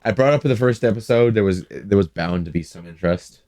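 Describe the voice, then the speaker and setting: Deep-voiced teasing young podcast host. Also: male voice, fast talker, noisy background. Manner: teasing, dry. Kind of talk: casual chat.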